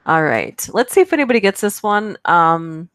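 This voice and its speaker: A woman's voice: fairly low pitch, big pitch swings, moderate pace, fairly bright tone, clear, resonant tone, dry recording. A woman hosting a casual livestream, chatting playfully with her viewers and laughing often. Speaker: livestream host. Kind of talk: casual live chat, reading movie quotes aloud.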